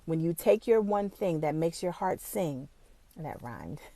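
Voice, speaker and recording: Her voice is low-pitched and warm, animated but at a measured pace, with no room sound in the recording. As a small-business owner addressing the camera directly, she gives a casual, blunt, motivational talk full of swearing, emotional and fighting back tears at moments.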